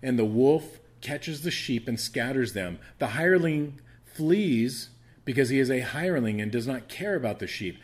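A man's voice: medium pitch, animated, moderate pace. A man teaching a Bible study, reading verses and explaining them in an earnest, conversational way, often restarting phrases and rising in emphasis.

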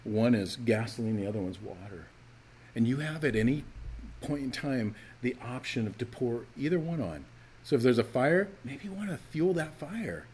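Male pastor, mid-range voice, lively sermon delivery that swells into emphatic calls. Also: mid-range voice, moderate pace, a little hiss or hum. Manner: animated, acts out quoted lines, rising to emphatic calls.

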